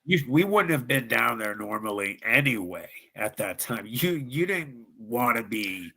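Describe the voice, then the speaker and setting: A man's voice: medium pitch, big pitch swings, a little slow, gravelly, pushed and bright, breathy edge. A man from Ohio, a guest on a live show, telling a true ghost story in an earnest, dramatic way with frequent restarts.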